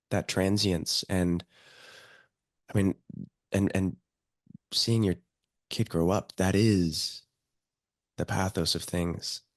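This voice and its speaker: A low-voiced man in his thirties appears as a podcast guest, recorded with clean studio sound and no room sound. In casual conversation he speaks slowly and reflectively, hesitant and using fillers.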